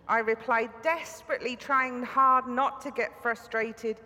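British woman preacher, warm storytelling with dry wit, slightly high pitch, hall reverb. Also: steady tone, unhurried, hardly any pauses. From Britain. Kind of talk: sermon.

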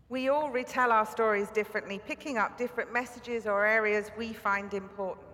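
A woman's voice: medium pitch, steady tone, fairly quick, hardly any pauses, sharp tone, in a large hall. A British woman preaching a sermon, telling stories with dry humor. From Britain.

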